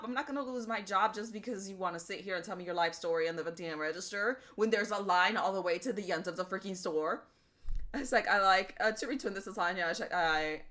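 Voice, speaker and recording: A woman streamer chatting casually and telling stories in an animated, profane way. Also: medium pitch, brisk. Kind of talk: casual livestream chat.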